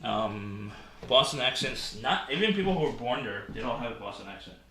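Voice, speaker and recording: A man's voice: mid-range voice, big pitch swings, normal speed, pushed and bright, slight background noise. A man hosting a casual live stream at home, rambling with many fillers and restarts.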